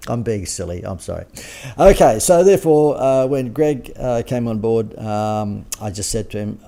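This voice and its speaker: A man's voice: mid-range voice, moderate pace, vocal fry, mellow. A man, a business coach talking through slides with dry, sarcastic asides and chuckles. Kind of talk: presentation over slides.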